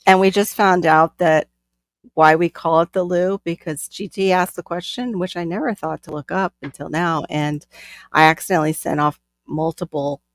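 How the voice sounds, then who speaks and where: A woman's voice: lowish voice, steady tone, moderate pace, no echo, clean studio sound. A woman from Florida hosting a casual chat stream, chatty and laughing often. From Florida, USA. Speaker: channel host.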